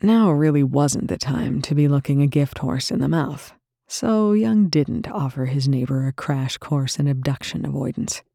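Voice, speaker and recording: A narrator reading a tense story aloud in a steady, dry storytelling manner. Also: mid-range voice, moderate pace, gravelly, no room sound. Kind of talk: scripted narration.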